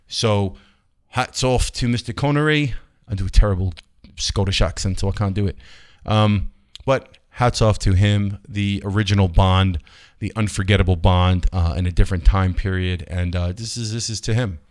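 A man's voice: deep voice, normal speed. A man hosting his own film channel, talking casually in a rambling, chatty way with many fillers and restarts. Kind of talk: casual vlog talk.

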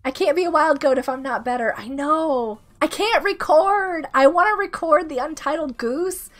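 A woman in her thirties, sick with a rough throat, chatting casually and giggling as she greets viewers during a game stream. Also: sits high, normal speed. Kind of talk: casual live-stream chat while gaming. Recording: faint music behind the voice.

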